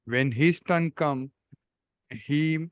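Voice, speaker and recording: A man co-hosting a video call, telling an anecdote in plain, halting English with fillers. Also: on the high side, no echo. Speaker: co-host and storyteller.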